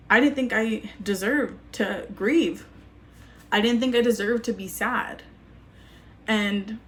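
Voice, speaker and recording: Grieving young woman with a gravelly voice. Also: medium pitch, a little hiss or hum. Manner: halting, grieving, soft-spoken with restarts. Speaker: vlogger. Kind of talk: reading a personal letter aloud.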